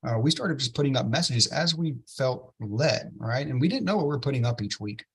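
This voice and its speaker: A man, an interview guest telling a story with excitement and many "right?" tag questions. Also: mid-range voice, fairly quick, breathy edge. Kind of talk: enthusiastic storytelling in a podcast interview.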